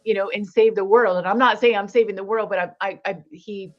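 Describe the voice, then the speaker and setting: A woman's medium-pitched voice stays steady and brisk as she tells an interviewer about something that happened to her. She's earnest, voicing the dialogue from her story as she goes. The lo-fi recording comes across slightly dull.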